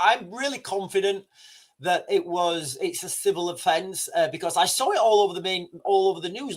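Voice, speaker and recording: A man with a high, slightly rough voice hosts a livestream, rambling and frequently restarting as he speaks directly to his viewers in livestream commentary.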